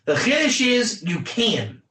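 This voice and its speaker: Male teacher, bright and tense, drilling points home in a roomy space. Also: extremely high pitch, wildly swooping pitch, slow pace. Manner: emphatic, repetitive, quizzes students by name. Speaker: Torah teacher. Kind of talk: energetic classroom lecture.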